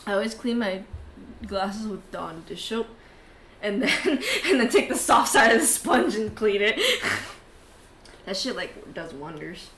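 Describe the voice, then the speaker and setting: A woman's voice: medium pitch, very animated, a little slow, crowd noise. Giggly woman in an echoey room. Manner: giggly, casual. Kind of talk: casual tabletop game narration. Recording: echoey room with faint noise.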